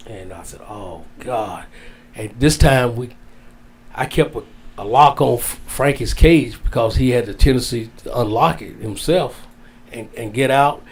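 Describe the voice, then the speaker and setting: A man telling a heartfelt story as a guest, drawn out, dropping low and soft on the sad parts. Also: normal speed, breathy edge. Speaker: wrestling guest. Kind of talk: storytelling in casual interview.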